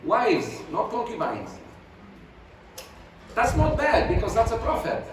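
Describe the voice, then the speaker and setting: A man's voice: extremely high pitch, huge pitch swings, slow pace. A man teaching a religious class, lecturing emphatically with volleys of rhetorical questions and Arabic religious phrases. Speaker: sheikh teaching Quran commentary. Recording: very echoey, distant mic, noisy.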